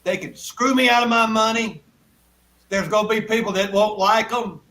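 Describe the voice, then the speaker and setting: Brief: older man, high bright voice, folksy storyteller, distant call audio. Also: fairly even intonation, normal speed. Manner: folksy, rambling anecdotes with repeated asides. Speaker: guest songwriter. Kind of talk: casual storytelling interview.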